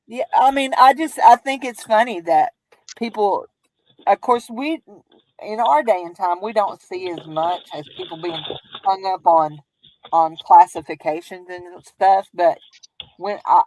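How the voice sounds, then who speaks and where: A woman's voice: fairly low pitch, darkish tone, dry recording, low-quality recording. A woman with a Southern US accent who hosts a crafting stream, chatting casually in a rambling, folksy way and laughing often. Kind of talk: casual chat while crafting.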